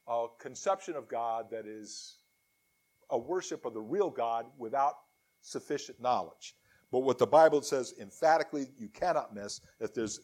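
Emphatic preacher man reading scripture. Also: mid-range voice. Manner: emphatic, reads scripture aloud with rising force.

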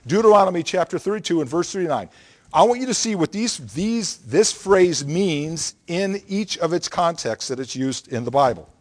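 A man's voice: on the high side, lively intonation, normal speed. A man preaching a Bible lesson, explaining scripture in an emphatic, teacherly way and often checking in with the listeners.

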